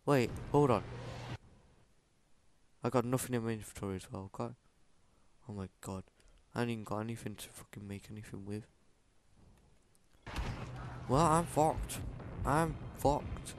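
A young man shouting, laughing and swearing through panicky let's play commentary. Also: medium pitch, unhurried, long pauses. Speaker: gaming channel host. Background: game music.

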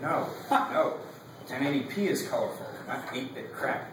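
A man's voice: medium pitch, lively intonation, normal speed, very echoey, recorded from a distance, noisy background. A young man giving a casual class speech. He rambles, fills his talk with "like" and laughs between his points.

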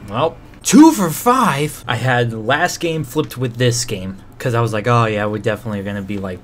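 A man giving excitable let's-play commentary, trash-talking and breaking into shouted outbursts. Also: on the low side, fairly quick, slight background noise. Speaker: gamer and video creator.

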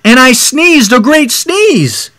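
A man's voice: medium pitch, sing-song, a little slow, a bit bright, slight background noise. A man voicing a sly male wolf from a storybook who tells his side in an innocent, self-justifying way, stammering as he restarts. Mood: earnest.

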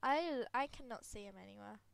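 A woman's voice: fairly high pitch, animated, brisk, gravelly, background noise. A woman with a cold, congested and sniffly, giving giggly, rambling, self-deprecating commentary over a video game. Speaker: gaming video creator. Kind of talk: casual gameplay commentary.

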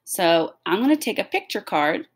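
A woman's voice: mid-range voice, sing-song, moderate pace. A woman teaching a recorded phonics lesson to young children, talking patiently and stretching out the sounds of words.

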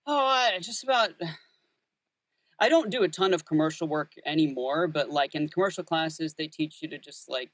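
A man's voice: on the high side, moderate pace, a bit bright, no room sound. A man in his thirties who works as a voice actor, chatting thoughtfully in an interview with many fillers and restarts. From Texas, USA. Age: 30s. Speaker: voice actor and audiobook narrator. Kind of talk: casual interview chat.

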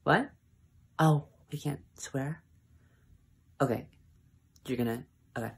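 A man's voice: mid-range voice, slow pace, vocal fry, slightly rough, full character voice. A man doing a fumbling fake-British pop star. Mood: bumbling. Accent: put-on British. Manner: drops into asides, mock-hushed.

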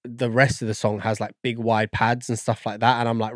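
A man's voice: mid-range voice, little pitch movement, fairly quick, no room sound, studio quality. A man, a guest on a podcast, talking in a rambling, casual way and searching for words with lots of fillers. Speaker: guest audio engineer.

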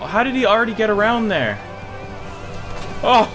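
A young man giving live gameplay commentary, swinging between low mutters and panicked yelps and shouts. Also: sing-song, normal speed, pauses often, over music. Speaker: gaming YouTuber.

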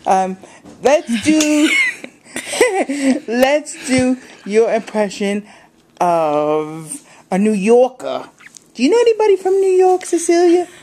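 A woman's voice: fairly high pitch, big pitch swings, slow pace, dark tone. Giggly girl hosting a mock interview. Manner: playful, giggly, mock-formal. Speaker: host of a puppet interview skit. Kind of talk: mock talk-show interview. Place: living room couch. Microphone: handheld video camera.

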